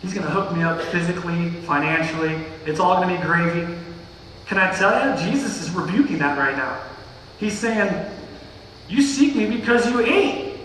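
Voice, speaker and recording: A man preaching a casual sermon as pastor, retelling a passage in slangy, animated everyday talk. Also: fairly high pitch, moderate pace, slight background noise. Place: church sanctuary. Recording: echoey hall, distant mic.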